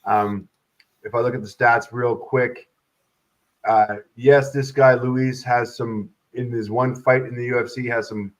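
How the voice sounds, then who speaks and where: A man co-hosting a casual fight picks show, talking in a low-key, dry way with short replies. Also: fairly even intonation, unhurried, poor audio. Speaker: co-host. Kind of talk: casual prediction show chat.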